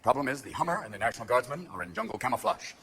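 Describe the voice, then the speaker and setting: A man performing a stand-up comedy routine on a theater stage, manic and shouting his punchlines as he jumps between voices. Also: mid-range voice, very animated, rapid-fire, gravelly. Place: theater stage before a live audience. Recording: live show with loud crowd laughter.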